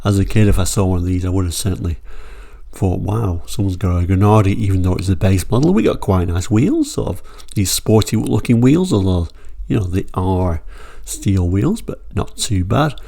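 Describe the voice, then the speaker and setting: Male channel host, gravelly and warm, relaxed and digressive, enthusiast chatting over brochures. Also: low-pitched, normal speed. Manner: chatty and rambling, digresses then pulls himself back on track. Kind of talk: casual talk-through of old car brochures.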